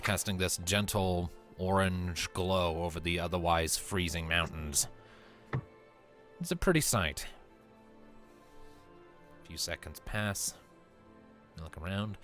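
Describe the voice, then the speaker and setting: Relaxed game master narrating a scene. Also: male voice, low voice, slow, pauses often, soft background music. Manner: relaxed, descriptive, with fillers.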